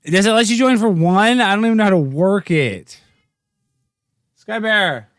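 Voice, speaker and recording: A man hosting a livestream, rambling and joking, sometimes jumping into goofy high-pitched bits. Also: animated, a little slow, no echo, studio quality. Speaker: livestream host. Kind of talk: casual livestream rant.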